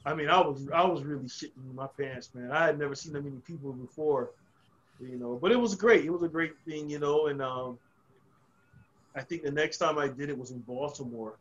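A man tells stories as a podcast guest, swearing freely and often restarting his sentences. His voice sits a little high for a man. The recording sounds dull and lo-fi. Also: a little fast, fairly bright tone. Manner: profane, rambling with frequent restarts. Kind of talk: casual storytelling.

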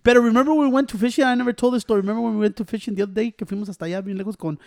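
Man, casual chat, profane, animated, acts out other people. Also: sits high, rapid-fire, vocal fry, no room sound, clean studio sound. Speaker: storyteller among friends.

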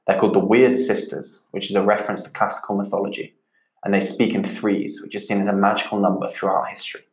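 A man with a fairly low voice explains a literature lesson in a calm, measured way, going back over key points for his students. The recording sits in a noticeably echoey room. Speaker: teacher.

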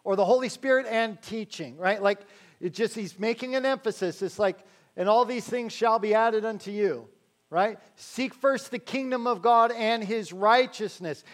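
A man preaching a sermon in a conversational way, slowing down to stress key phrases and adding joking asides to the congregation. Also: high-pitched. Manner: slows to stress key phrases, then rattles along quickly. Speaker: pastor.

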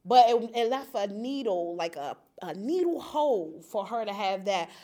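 Young woman in a support-group circle, emphatic and lively personal storytelling. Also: mid-range voice, normal speed. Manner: animated, emphatic, laughs often. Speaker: group participant sharing a story.

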